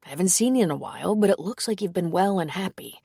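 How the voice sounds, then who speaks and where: A woman's voice: fairly low pitch, animated, quick pace, vocal fry, dark tone, husky, dry recording, studio quality, heavily acted. A woman reading the lines of a cheerful, joking male priest in an audiobook. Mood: playful. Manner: playful, mock-offended.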